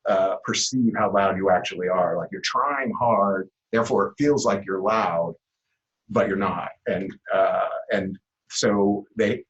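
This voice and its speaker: A man's voice: low-pitched, a little slow, lo-fi sound. Man lecturing with many fillers. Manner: relaxed explaining with many fillers. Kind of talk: classroom lecture.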